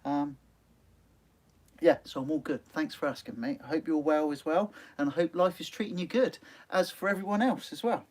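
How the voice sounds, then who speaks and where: A man hosting a live fishing stream, chatting casually and reading out viewer comments, laughing often and filling pauses with "um". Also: fairly high pitch, a little mellow. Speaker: sea angling channel host. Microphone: phone.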